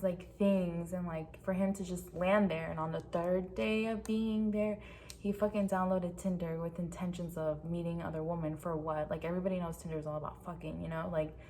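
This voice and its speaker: A woman's voice: lowish voice, flat delivery, brisk, darkish tone, a little hiss or hum. A young woman telling a personal story to her camera in a rambling, frank, profane way, filling her talk with "like". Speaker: vlogger. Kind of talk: casual storytime vent.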